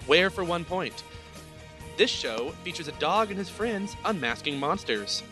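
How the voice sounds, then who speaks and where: A man's voice: high voice, lively intonation, unhurried, pushed and bright, faint music behind. A man hosting a playful quiz game on a podcast, explaining the rules and laughing often. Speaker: quiz host.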